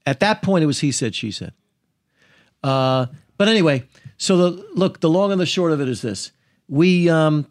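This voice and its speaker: A man, an attorney, recounting a case in a podcast interview, halting and full of filler sounds. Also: mid-range voice, no room sound, studio quality.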